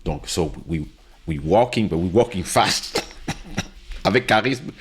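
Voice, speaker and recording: Husky-voiced man telling a wild story. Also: low-pitched, measured pace. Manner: animated, acts out quotes, mixes in French phrases. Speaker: podcast host. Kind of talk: casual storytelling chat.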